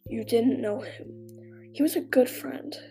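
A heartbroken young man with fire in his hands speaks low and broken, sometimes dropping to a whisper, as a woman reads him aloud. His voice has a gravelly edge, and soft music plays faintly behind him in this storybook telling. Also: fairly even intonation, measured pace. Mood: grieving. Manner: quiet and broken, often whispered. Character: grief-stricken young man with fire powers, brooding.

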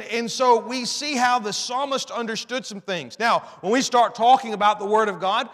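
A man's voice: high voice, a bit bright. A man preaching a sermon, earnest, often repeating and restarting phrases as he quotes scripture. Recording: long reverb in a hall.

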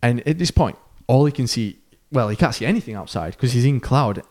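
A podcast host spins a story in a casual, chatty way, his voice at an ordinary middle pitch. He talks briskly and animatedly, leaning into the tension as the tale builds.

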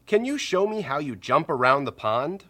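A man's voice: a little high, very animated, moderate pace, sharp tone, voice pushed up, full character voice. A man voicing a friendly, cheerful green frog who asks children to join in.

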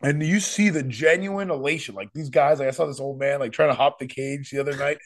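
A man's voice: mid-range voice, fairly quick. A man hosting a podcast, rambling emphatically and repeating himself in casual chat. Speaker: podcast host.

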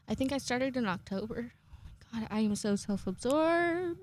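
A fairly high-voiced young woman in her twenties talks casually to her viewers. She rambles from story to story, curses freely and pokes fun at herself. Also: expressive, normal speed, a little mellow. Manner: rambling, sweary, self-mocking, breaks into high-pitched acted quotes. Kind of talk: casual chat to camera.

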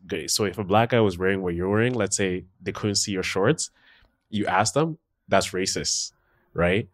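A man co-hosting a podcast, chatting casually and acting out what other people say in exaggerated voices. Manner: animated, acts out quotes in high voices. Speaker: podcast co-host. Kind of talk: casual chat.

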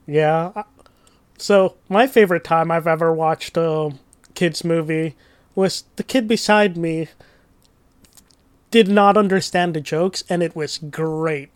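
A man co-hosting a podcast in casual chat, telling stories in a relaxed, wry way. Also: fairly high pitch, slow, smooth, dry recording. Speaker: podcast co-host.

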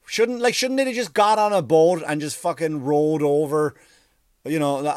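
Man, rambling comic monologue, profane deadpan storytelling, dry close sound. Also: a little high, normal speed, dry recording. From Ireland. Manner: rambling, profane, deadpan mock-history with silly put-on voices.

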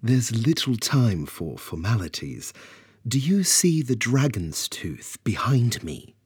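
A man voicing a calm, sarcastic, commanding goddess in a storybook reading. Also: medium pitch, slow, slightly rough, dry recording, clean studio sound, full character voice. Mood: cool.

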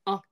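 A young Nigerian woman co-hosting a casual podcast chat, telling stories in a relaxed way with pidgin words mixed in. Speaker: podcast co-host.

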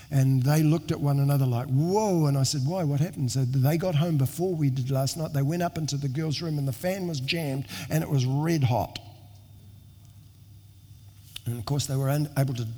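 A man's voice: on the high side, warm tone. A middle-aged man preaching a sermon, telling a personal story in an earnest, conversational way with restarts and self-deprecating asides. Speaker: pastor. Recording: long reverb of a large hall.

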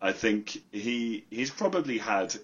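A man's voice: on the low side, animated, unhurried, slightly rough. Teasing man on muffled audio. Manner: swears casually, teasing. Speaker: podcast co-host. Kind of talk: casual gaming podcast chat.

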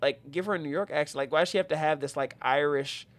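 A man's voice: on the high side, fast talker. A man hosting a podcast in casual chat, rambling with many fillers and restarts. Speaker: podcast host.

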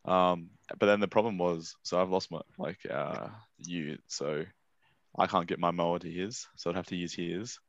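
Deep gravelly laid-back young Aussie guy. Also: moderate pace, dry recording, muffled recording. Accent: Australian. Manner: laid-back, swears often, slangy storytelling. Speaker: podcast co-host. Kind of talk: casual chat.

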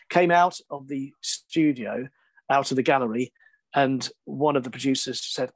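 A man is telling a story as a guest in an interview. He is lively and self-deprecating, and he laughs often. His voice sits at a middle pitch and sounds dry and close. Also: moderate pace, no echo. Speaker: guest, sports broadcaster.

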